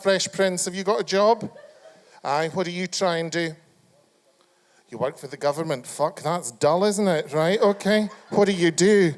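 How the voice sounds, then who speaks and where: A Scottish man hosting a live chat show, teasing the audience in a camp, foul-mouthed way. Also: high voice. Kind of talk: live stand-up crowd work. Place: live comedy venue.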